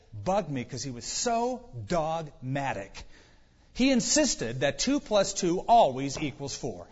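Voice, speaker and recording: A man preaches a sermon in a chatty way, full of rhetorical questions and dry wit. His voice is husky and mid-pitched, captured in a dull, low-fidelity recording that echoes with long large-hall reverb.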